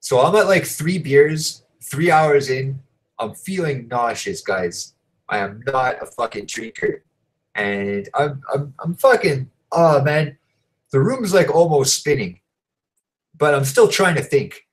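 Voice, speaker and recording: Male host, loose profane storyteller, lots of filler words, ordinary middle pitch. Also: lively intonation, takes it slowly, poor audio. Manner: profane, rambling, heavy fillers. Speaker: show host. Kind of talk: casual storytelling.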